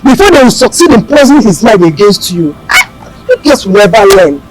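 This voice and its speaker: A woman's voice: medium pitch, very animated, fairly quick, natural voice. A woman playing a harsh, scheming mother of grown daughters who scolds and gives orders. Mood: scolding. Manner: scolding, commanding. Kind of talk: Nollywood film acting.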